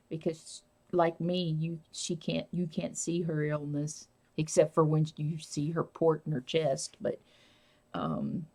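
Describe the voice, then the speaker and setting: Woman, live-stream host, deep voice, vocal fry, rambling casual chat. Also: little pitch movement, slow, a little mellow. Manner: rambling, reads and answers viewer comments.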